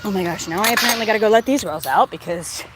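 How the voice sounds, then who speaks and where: Talking quickly in a medium-pitched voice, a woman vlogs outdoors on her farm and chats to her animals in a sing-song, coaxing tone. Goats bleat in the background, and the recording carries background noise.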